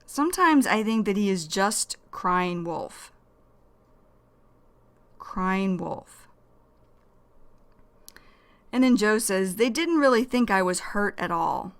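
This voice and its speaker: A woman teaching English vocabulary in a slow, careful lesson, repeating each key phrase. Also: mid-range voice, expressive.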